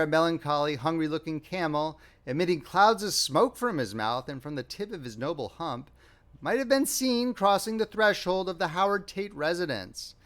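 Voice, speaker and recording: A man narrating a classic short story as an audiobook reader, with a wry, expressive delivery. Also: fairly high pitch. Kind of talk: scripted narration.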